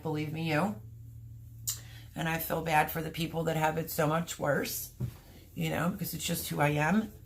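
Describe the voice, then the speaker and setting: A woman hosting a casual livestream, talking straight to her viewers with a gravelly, somewhat low voice. She sounds apologetic and flustered, her voice rough and a bit choked up. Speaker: homestead channel host.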